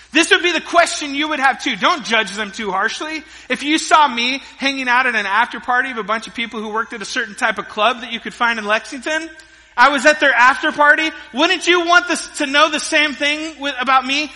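A middle-aged man preaching a sermon, telling stories with lively energy and dropping between loud emphasis and quiet asides. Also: extremely high pitch, moderate pace. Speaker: pastor. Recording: long reverb of a large hall.

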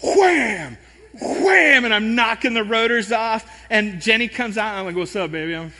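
High, bright-voiced pastor in a reverberant hall. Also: male voice, a little fast. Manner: animated, self-deprecating storytelling. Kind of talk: sermon.

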